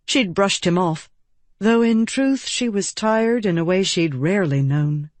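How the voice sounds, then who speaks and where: A woman reading an audiobook in calm, measured scripted narration. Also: medium pitch, no echo.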